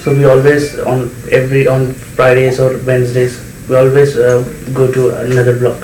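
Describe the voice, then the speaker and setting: A man's voice: mid-range voice, monotone, moderate pace, darkish tone, a little hiss or hum. A man explaining his view at length in a casual group discussion, with hesitant fillers. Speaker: discussion participant. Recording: echoey room, faint ambience.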